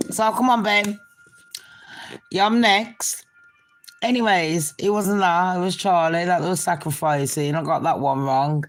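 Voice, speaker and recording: Slow, sweary woman ranting. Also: fairly low pitch. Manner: sweary, mocking, laughing at her own jokes. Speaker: commentary vlogger. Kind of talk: ranting commentary vlog.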